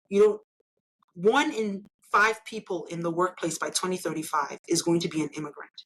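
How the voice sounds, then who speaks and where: In a poorly recorded conversational interview, a lowish, slightly bright-voiced woman from Nigeria talks at a normal speed. An engineer and elected official, she makes her case emphatically and persuasively, frequently tagging points with "right?".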